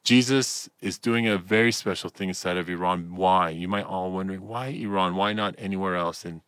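Male guest, low voice, lively storyteller acting out dialogue, lots of "you know". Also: normal speed, clean tone, no echo. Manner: animated storyteller, acts out quoted dialogue, many fillers. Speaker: minister inside Iran, guest. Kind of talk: radio interview storytelling.

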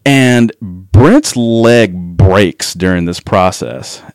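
A man with a low voice tells a rowdy, profanity-laced story in a relaxed chat. His delivery is loose and full of laughter. The sound is close and dry, with no room around it. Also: very slow, smooth, no echo. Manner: profane, laughing anecdote-telling. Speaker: guest. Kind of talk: casual storytelling.

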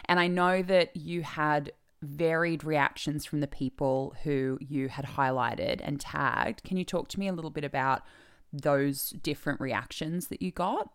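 A woman's voice: low-pitched, clear, resonant tone. A woman hosting a podcast, asking thoughtful open questions. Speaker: podcast host. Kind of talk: podcast interview.

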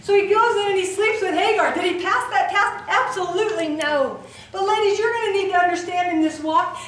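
A woman preaching a lively sermon to a women's gathering, acting out the voices in the stories she tells. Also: very high-pitched. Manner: animated, acts out voices in her retelling. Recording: echoey hall recorded from far off.

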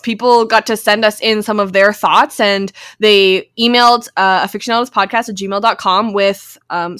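Bright-voiced young woman podcast host. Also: mid-range voice. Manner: easygoing, with frequent affirmations. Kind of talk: casual chat.

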